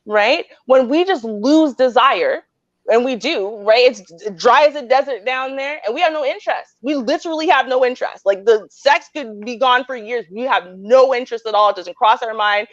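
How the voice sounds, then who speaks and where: A woman's voice: on the high side, moderate pace, dry recording, muffled recording. A married woman host earnestly explaining her view on relationships, often checking in with "right?". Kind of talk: relationship advice debate.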